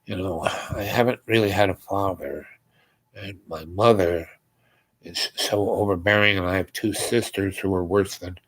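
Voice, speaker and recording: A man voicing a troubled teenage runaway boy who speaks quietly and hesitantly. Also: low-pitched, steady tone, moderate pace, poor audio. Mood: complaining.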